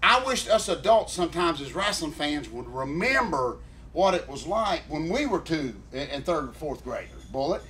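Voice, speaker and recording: A man with a somewhat high voice tells a rambling, heartfelt story, stopping often to check in with his co-host. His talk is earnest and emotional, with a faint hiss of background noise. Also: very animated, normal speed, a bit bright. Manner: earnest, emotional, keeps addressing co-host by name. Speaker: podcast co-host.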